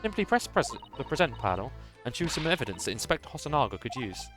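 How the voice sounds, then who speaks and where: Animated man chatting while streaming. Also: mid-range voice, fast talker, over music. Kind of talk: casual game commentary.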